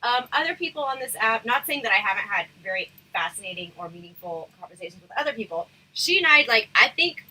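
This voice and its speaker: A woman hosting a casual livestream chat, talking frankly and rambling with lots of fillers, her voice going hoarse. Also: mid-range voice, sing-song, quick pace, hardly any pauses, sharp tone, poor audio. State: losing her voice, throat irritated. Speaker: livestream host.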